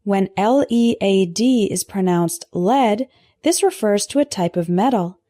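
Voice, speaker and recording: Woman, English teacher, scripted lesson, very slow, careful pronunciation, dry recording. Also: mid-range voice, expressive, warm tone, no echo.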